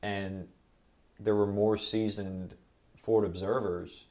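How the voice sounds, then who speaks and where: A young man, a Marine veteran, telling his service stories in an oral history interview in a relaxed, rambling way. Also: fairly low pitch, takes it slowly.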